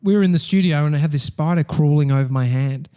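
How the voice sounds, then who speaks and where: A man's voice: fairly high pitch, fast talker, clear, resonant tone. An Australian man in his thirties, a podcast host telling stories in casual chat, swearing freely. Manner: swears a lot, animated storytelling.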